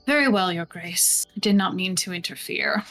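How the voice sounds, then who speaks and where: A woman's voice: on the low side, moderate pace, a bit bright, faint music behind, voice pushed down, lightly acted. A woman voicing a haughty nobleman. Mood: disdainful.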